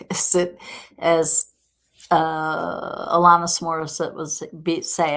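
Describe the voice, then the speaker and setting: A woman with a low, deep voice gives a casual live tarot reading. She talks slowly and warmly encouraging, chatting to viewers and laughing often. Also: completely flat delivery. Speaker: tarot reader host.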